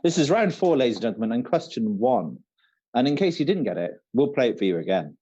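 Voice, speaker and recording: A chatty male quiz host who fills his sentences with ums and uhs. His tone is mellow and his pitch moves a lot. The recording sounds muffled and lo-fi. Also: big pitch swings, fast talker, slightly rough, no room sound. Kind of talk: casual online quiz hosting.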